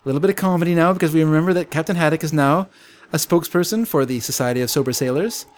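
A man's voice: fairly high pitch, racing. A man chatting casually as co-host, rambling through a story and laughing often. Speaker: podcast co-host. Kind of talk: casual comic book discussion.

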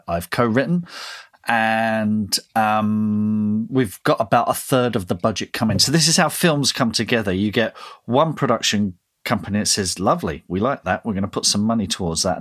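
A man's voice: fairly low pitch, normal speed, a bit bright. A man co-hosting a writing podcast, chatting in a rambling way with frequent laughs and restarts. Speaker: podcast co-host. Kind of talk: casual podcast chat.

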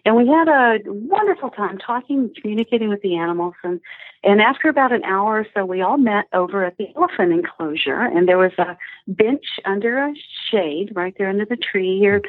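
A woman's voice: medium pitch, lively intonation, a little fast, no room sound. A woman guest telling animal stories with enthusiasm on a podcast, heard over a phone line. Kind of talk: storytelling interview guest. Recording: husky tinny phone line, dry.

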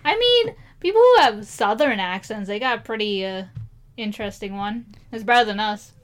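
A woman from Maryland co-hosting a podcast in casual chat, playful and quick to laugh. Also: mid-range voice, lively intonation. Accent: Maryland American. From Maryland, USA. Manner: giggly, playful, quick asides. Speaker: podcast co-host.

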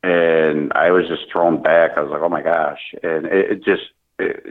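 A low-voiced man comes through a tinny phone line, his intonation fairly even. He is a guest who speaks at military events, talking in an earnest, halting way with frequent restarts during a conversational interview.

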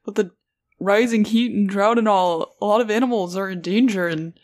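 A player at a tabletop game, speaking in character in a hesitant, apologetic, halting way. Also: medium pitch.

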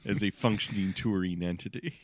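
A man's voice: low voice, brisk, dry recording, studio quality. A man co-hosting a podcast in casual chat, often laughing between words. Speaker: podcast co-host.

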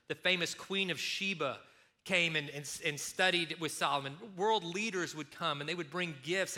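A man preaching a sermon, retelling a story in a lively way and acting out the speakers. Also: fairly high pitch. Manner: storytelling, animated, acts out quotes. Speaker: pastor.

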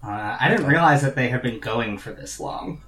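A man's voice: medium pitch, expressive, moderate pace, crowd noise. A man co-hosting a podcast, chatting casually and hesitantly with many fillers. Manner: hesitant, with many ums and uhs. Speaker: podcast co-host. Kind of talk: casual chat. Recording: echoey room.

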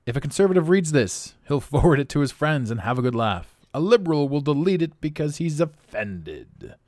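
A man at normal speed hosts his own podcast, rambling casually on his own and frequently amused to the point of laughter. His pitch swings animatedly, recorded dry with studio quality.

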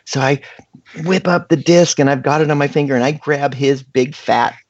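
Chatty storyteller, gravelly and husky man, dull lo-fi sound. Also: on the high side, moderate pace. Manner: animated, chatty, full of fillers. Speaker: guest storyteller. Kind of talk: casual anecdote.

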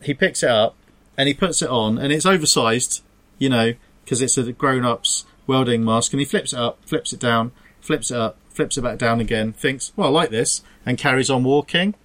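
A man's voice: medium pitch, normal speed, a bit bright. A man co-hosting a casual podcast chat. He tells stories in a rambling, self-interrupting way, trailing off and restarting mid-sentence, with a laugh slipping in now and then. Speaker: podcast co-host. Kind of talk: casual chat, joke telling.

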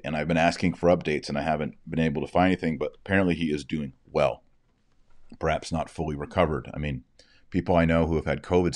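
A man hosting a casual monologue, telling rambling, animated stories. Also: very deep voice, no room sound, studio quality. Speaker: host.

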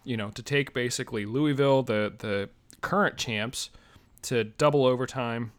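A man hosting a sports podcast, talking in a measured way in casual chat and steering the conversation. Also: mid-range voice. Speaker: podcast host.

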